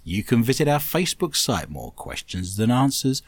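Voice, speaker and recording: A man hosts a comedic radio show, rattling off puns and listener letters. His pitch swings widely as he jokes. The sound is dry and close to the mic. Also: sing-song, normal speed, husky, no echo. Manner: jokey, reads listener messages with puns. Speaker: host.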